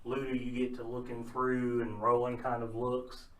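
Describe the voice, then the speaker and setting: A man's voice: mid-range voice, monotone, moderate pace, fairly bright tone. A man running a tabletop game as game master, narrating in a loose, easygoing way with plenty of fillers. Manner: easygoing, many "uh" and "kind of" fillers. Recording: roomy echo, distant mic, faint noise.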